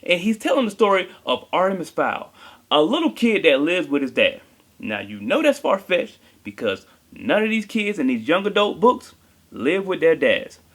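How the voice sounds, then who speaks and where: A man's voice: sits high, sing-song, moderate pace, a bit bright, husky. A man giving a comedic movie review, talking in a joking, slangy way.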